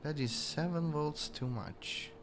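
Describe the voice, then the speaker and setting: A man on a live stream, talking slowly in frustrated mutters, swearing and sighing. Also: a little high, noisy background. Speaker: maker streamer.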